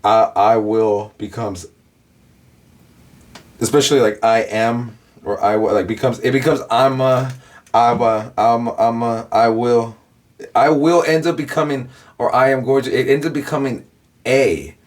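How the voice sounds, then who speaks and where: A young man hosting a reaction channel breaks down rap wordplay in a mid-range voice with fairly even intonation, going a little slow. He rambles casually, repeats himself, and says "like" and "bro" a lot.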